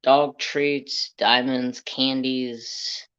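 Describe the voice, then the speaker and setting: A man chats on a homemade crafting livestream, wandering from one salty story to the next as he greets people in the chat. His voice sits at a middling pitch. It comes through a dull, lo-fi phone recording. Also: flat delivery, very slow, a bit bright. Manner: rambling, salty storytelling while reading live chat. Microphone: handheld phone.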